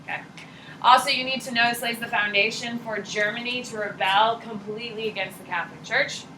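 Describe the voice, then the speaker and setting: A woman teaching a high school history class, blunt and slangy, firing questions at her students. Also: steady tone, brisk, background noise. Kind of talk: classroom lecture. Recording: echoey classroom, mic far off.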